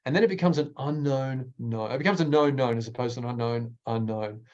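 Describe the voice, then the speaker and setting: A man, a speaking coach presenting a workshop in an energetic, emphatic way with deliberate pauses. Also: muffled recording. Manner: energetic, emphatic, varies pitch widely.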